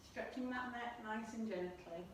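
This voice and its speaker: A woman leads a home gymnastics session, counting out jumps and stretches as she exercises along. Her voice sits a little high and unhurried, and it rings around a very echoey room, picked up from some way off the mic. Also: far from the mic, slight background noise. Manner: calls out moves while exercising along. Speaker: gymnastics coach. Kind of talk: home exercise class instruction.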